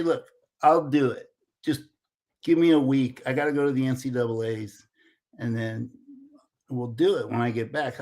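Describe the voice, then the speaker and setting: A man in his sixties, an interview guest telling a lively anecdote and acting out the dialogue. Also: medium pitch. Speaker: interview guest, former Olympic wrestler. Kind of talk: casual storytelling.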